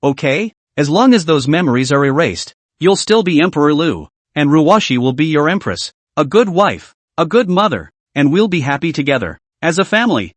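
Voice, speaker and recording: A man's voice: on the high side, very animated, moderate pace, dry recording. A man reading the lines of a desperate young woman who begs and refers to herself by name. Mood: pleading. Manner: wheedling, repeats own name.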